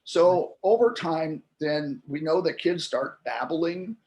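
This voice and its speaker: Animated man in his sixties explaining. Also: fairly high pitch, slow. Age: 60s. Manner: animated, acts out babies and parents in playful voices; frequent restarts and repeated words. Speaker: interview guest, interpreting researcher. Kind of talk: explanatory interview talk.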